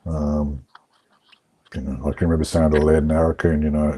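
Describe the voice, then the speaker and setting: A middle-aged man, telling stories in a relaxed, reflective way on a video call. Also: very deep voice, fairly quick, long pauses. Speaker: guest. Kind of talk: casual storytelling on an online call.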